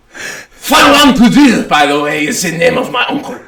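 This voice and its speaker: A man's voice: sits high, sing-song, moderate pace, gravelly, bright, forceful tone, roomy sound, recorded from a distance. A man co-hosting a podcast in casual joking chat, playfully slipping into mock accents. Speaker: podcast co-host.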